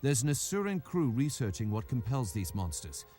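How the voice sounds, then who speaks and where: A man's voice: mid-range voice, moderate pace, over music, close to an everyday voice. A man voicing a grave plant-folk warden. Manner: grave, steady briefing. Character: male plant-folk warden guarding a swamp. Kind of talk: video game dialogue.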